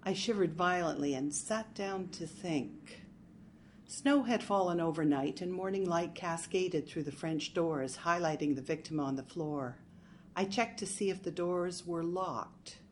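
A woman reads a first-person mystery aloud with a wry, dry tone. Her voice sits a little low for a woman. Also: a little slow, slight background noise. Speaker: narrator. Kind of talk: storytelling narration.

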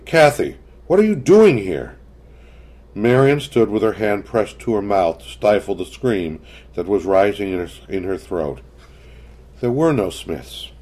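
A man narrating a story in a measured, scripted reading. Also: on the low side, dark tone.

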